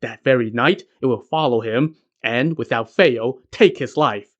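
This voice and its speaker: A man voicing a brash, quick-talking monkey king who explains things with confident swagger. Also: mid-range voice, muffled recording, close to an everyday voice.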